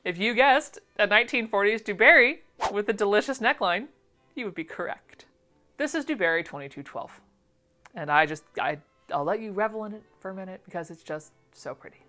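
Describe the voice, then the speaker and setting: A woman's voice: medium pitch, animated, a little fast, pushed and bright, soft background music. A woman chatting casually through an unboxing, gushing and often trailing off mid-phrase. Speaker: vintage sewing pattern collector.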